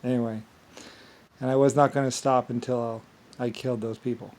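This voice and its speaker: A man rambling in a halting monologue. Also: medium pitch, flat delivery, a little mellow. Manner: halting, repeats words, trails off. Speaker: vlogger.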